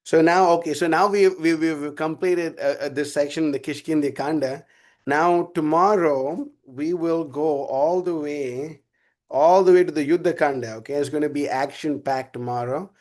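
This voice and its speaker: A man's voice: on the high side, fairly even intonation, moderate pace, darkish tone. A man giving a casual spiritual class, telling a rambling story with frequent laughter. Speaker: class speaker.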